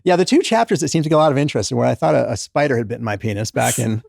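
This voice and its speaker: Fast-talking gravelly middle-aged man. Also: medium pitch, dry recording, clean studio sound. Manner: animated, self-deprecating, lots of restarts and quoted inner thoughts. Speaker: guest author, former doctor. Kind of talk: casual interview storytelling.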